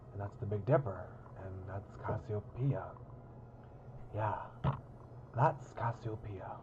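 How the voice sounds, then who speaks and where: A man voicing an energetic, childish young man who plays a pirate captain, using a put-on pirate accent with bold, playful delivery. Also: fairly low pitch, narrow, tinny audio, a little hiss or hum, close to an everyday voice. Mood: proud. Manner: bold, boisterous storytelling.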